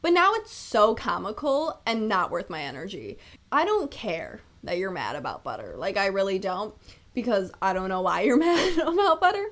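A woman's voice: medium pitch, very animated, normal speed. A young woman hosting her own podcast, chatting casually on her own, laughing often and swearing freely. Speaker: podcast host. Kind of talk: casual solo podcast chat.

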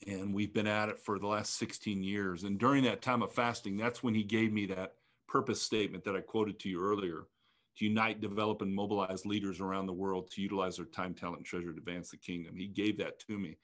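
Low-voiced guy in his 50s, ministry leader, earnest halting testimony. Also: steady tone, fairly bright tone. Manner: earnest, reflective, halting with restarts. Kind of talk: personal testimony in an interview.

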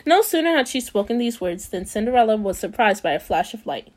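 A woman's voice: a little high, animated, brisk, few pauses, a little mellow. A woman hosting a casual podcast who reads a bedtime story aloud and often rambles off topic, peppering her talk with "like.". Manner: rambling, drifts off topic, frequent "like" fillers. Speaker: podcast host.

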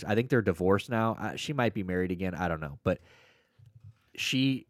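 A man co-hosting a podcast in casual chat, rambling and profane with excitable bursts. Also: low-pitched, moderate pace, no echo, studio quality. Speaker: podcast co-host.

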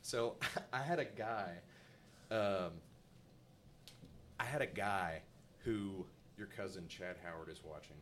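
A man's voice: low voice, takes it slowly, pauses often. A male podcast host telling a story in casual chat, laughing often and acting out the voices of the people in it. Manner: animated, laughing, acts out voices in his anecdotes.

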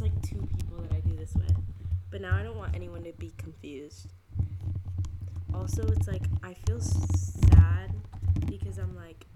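A woman's voice: on the low side, very noisy. A young woman hosting her own podcast alone. She rambles in casual chat, mocks herself, swears a lot, says "like" constantly and loses her train of thought. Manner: rambling, self-mocking, heavy use of "like", frequent swearing; jumps between topics, loses her thread. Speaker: podcast host. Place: at home, on her phone.

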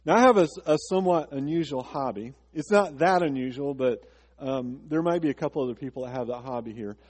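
A man's voice: fairly high pitch, a little mellow. Preaching man in an echoing church. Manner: preaching with rhetorical questions, then chatty asides. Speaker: pastor. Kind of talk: sermon. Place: church sanctuary.

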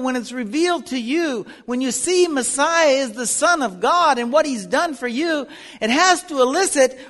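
In a very high-pitched, slightly bright voice, a man teaches the Bible like a sermon, growing from earnest instruction to fervent appeals. The recording carries the long reverb of a hall.

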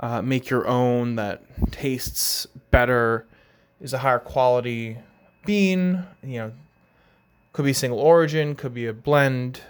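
A young man from Long Island with a New York accent, hosting a casual solo podcast in a relaxed, chatty way full of "uh", "you know" and "right?". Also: mid-range voice, unhurried, clear, resonant tone. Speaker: podcast host.

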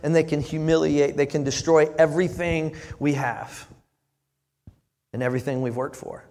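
An earnest male pastor preaching a sermon, often repeating words as he presses a point. His voice sits a little high for a man. The sound carries a long reverb from a church sanctuary. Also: steady tone, normal speed, creaky, darkish tone. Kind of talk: sermon with live demonstration.

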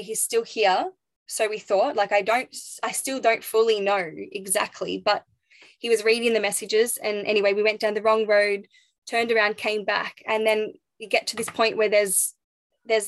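A young pregnant woman recounts a personal story in a reflective, halting way, stopping and restarting as she searches for words. Her voice sits a little high, and the sound is close and dry with no room around it. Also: no echo. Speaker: interview guest.

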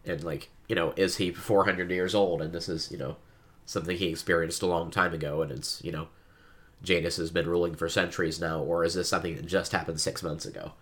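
A man's voice: low-pitched, fairly even intonation, fairly quick. A man co-hosting a podcast, chatting casually about a book and giving frequent listener backchannels.

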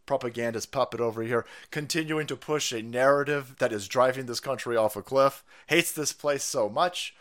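Foul-mouthed ranting man. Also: on the high side. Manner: foul-mouthed, sarcastic, shouting in mock outrage. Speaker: political commentary host. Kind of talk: profane political rant.

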